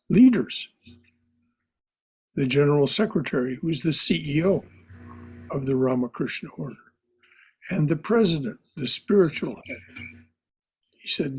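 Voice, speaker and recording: A man teaching a spiritual class in a slow, reflective way, often repeating his phrases softly. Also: a little high, gravelly, breathy edge. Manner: repeats phrases, soft and contemplative.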